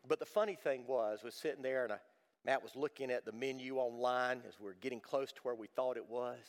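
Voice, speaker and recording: A middle-aged man preaching a sermon to his congregation, swinging from loud emphatic lines to hushed, almost whispered ones. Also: medium pitch, a little fast, clear, resonant tone, long reverb tail. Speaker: pastor. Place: church service.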